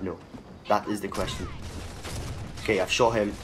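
A young man with a lowish voice commentates live gameplay and reacts loudly to every kill. He swears and taunts the opponents. The game's sounds run clearly underneath him. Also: moderate pace, background noise. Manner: excitable, swears freely, talks to the players on screen. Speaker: gaming channel host.

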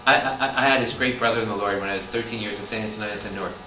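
A man, a Catholic priest, teaching a lively Bible study, firing questions at his listeners and breaking into loud exclamations. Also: lowish voice, racing. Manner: animated, quizzes the audience with constant questions, bursts into loud exclamations. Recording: echoey room, distant mic, audible background noise.

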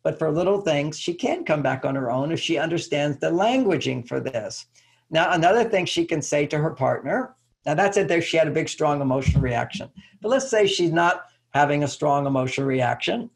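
An older man, a relationship author, giving casual advice in an interview and acting out short exchanges between partners. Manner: animated, acts out little dialogues in higher voices, chuckles often.

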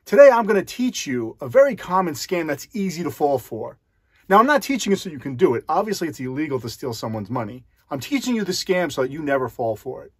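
A man walks the viewer through a card scam in a chatty, direct way. His voice is slightly high with a husky edge, and the sound is dry and close. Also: sing-song, fast talker, no room sound. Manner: conversational, addresses the viewer directly. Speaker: magician explaining a con. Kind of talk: explanatory talk to camera.

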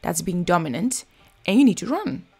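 Woman ranting about a reality show, casual and blunt, kinda gravelly voice, faint music under her. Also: lowish voice, sing-song, normal speed, darkish tone. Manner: chatty, blunt, scolding. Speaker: reality TV reviewer. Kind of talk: casual reaction commentary.

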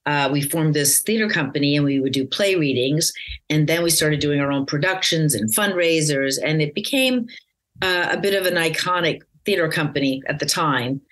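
Middle-aged american woman, really low voice, chatty and rambly, lots of ums. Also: moderate pace. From United States. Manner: rambling, warm storytelling with many fillers and restarts. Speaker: actress guest. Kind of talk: casual interview chat.

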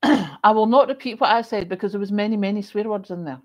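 A woman's voice: mid-range voice, fast talker. Chatty Scottish woman telling stories. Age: middle-aged. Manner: chatty and expressive, with emphatic repetition. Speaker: host. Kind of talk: casual storytelling chat.

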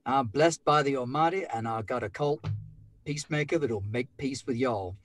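A man's voice: mid-range voice, moderate pace, a bit bright, a little hiss or hum, close to an everyday voice. A man voicing a pious, gun-toting Old West preacher in a folksy, drawling twang. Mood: folksy, solemn. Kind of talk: tabletop role-play character voice.

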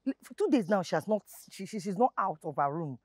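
A woman's voice: mid-range voice, lively intonation, quick pace, a little mellow, slight background noise, close to an everyday voice. A woman playing a coaxing Nigerian matchmaker. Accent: Nigerian Pidgin. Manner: coaxing, soothing, repetitive. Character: smooth-talking Nigerian female matchmaker, coaxing.

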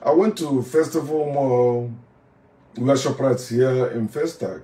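A man's voice: medium pitch, measured pace, mellow. A former pastor with a Nigerian accent delivering a heated, preachy monologue, hammering his points by repeating phrases. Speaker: former pastor turned online commentator. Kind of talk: heated monologue rant to camera. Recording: echoey room, voice from a distance off the mic.

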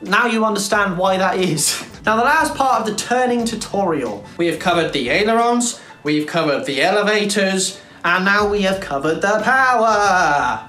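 A woman's voice: mid-range voice, a bit bright. A woman hosting a casual game tutorial, chatty and emphatic, with blunt slang. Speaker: gaming tutorial host. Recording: echoey room with faint music.

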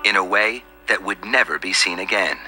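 A man reading scripted documentary narration in a measured, somber way. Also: deep voice. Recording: music bed behind voice. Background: music.

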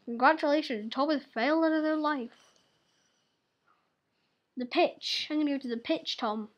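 A woman's voice: sits high, moderate pace, highs cut off. A young woman, in her teens, hosting a casual gaming video with chatty, giggly, teasing talk. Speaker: gaming channel host.

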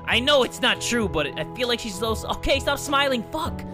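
Loud, excitable man swearing at a game. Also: very high voice, normal speed, music in the background. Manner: loud, swearing, bursts of shouting and laughter. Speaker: gaming YouTuber. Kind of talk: excitable let's-play commentary.

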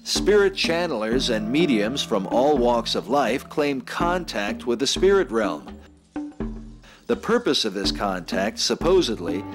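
A man giving measured, skeptical scripted documentary narration. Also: medium pitch. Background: music.

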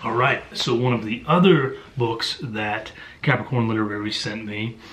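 A man's voice: lowish voice, fairly even intonation, moderate pace, noisy background. A man giving casual audiobook reviews, blunt and exasperated, with lots of ums and uhs. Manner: blunt, exasperated, with many fillers. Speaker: book reviewer.

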